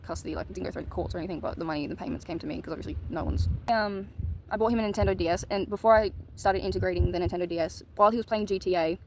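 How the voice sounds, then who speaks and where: A woman's voice: on the low side, racing, few pauses, background noise. A woman telling a personal story in a casual, candid monologue, swearing casually. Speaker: vlogger.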